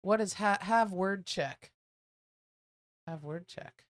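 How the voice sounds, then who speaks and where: A woman's voice: medium pitch, slow. A woman co-hosting a casual live stream, chatting and reading out viewer comments. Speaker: co-host.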